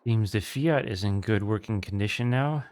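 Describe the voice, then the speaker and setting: A man giving casual gameplay commentary, thinking aloud in a relaxed way with small hesitations. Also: on the low side, moderate pace, dry recording.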